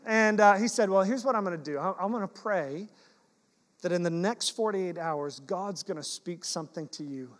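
A high-voiced male pastor shares personal stories from the pulpit, mixing playful self-mockery with earnest exhortation. His voice carries a long reverb from the church sanctuary. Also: moderate pace. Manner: storytelling, animated, self-deprecating humor.

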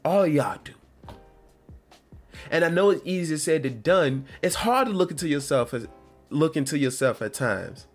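Guy hosting his own show, rambling and earnest, voice swings up and down a lot, faint music behind. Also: on the high side. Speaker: podcast host. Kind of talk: casual solo talk.

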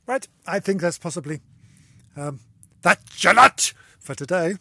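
Giggly, rambling man with a husky voice. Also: on the high side, animated, normal speed, pushed and bright, no echo. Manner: rambling, easily distracted, giggly; theatrical, exclamatory delivery. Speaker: podcast host. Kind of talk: casual solo podcast chat.

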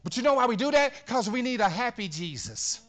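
A man's voice: very high-pitched, very animated, brisk, a bit bright. A pastor preaching a sermon in a church, talking in an emphatic, conversational way and often repeating words as he builds a point. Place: church sanctuary.

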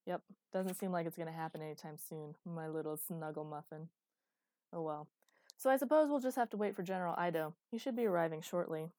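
A woman reading a teasing, flirtatious grown man, mock-romantic and deadpan, in an audiobook. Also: lowish voice, fairly quick, dry recording, natural voice. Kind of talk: audiobook character voice.

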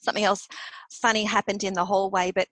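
A woman, a podcast guest, telling a personal story in an animated way and laughing often between phrases. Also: medium pitch, quick pace, no room sound, low-quality recording.

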